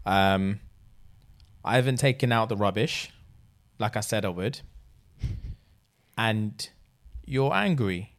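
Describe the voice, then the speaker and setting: A man's voice: on the low side, takes it slowly, pauses often. A young man, ranting in casual podcast chat, slangy and full of swearing. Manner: profane, animated ranting, slangy.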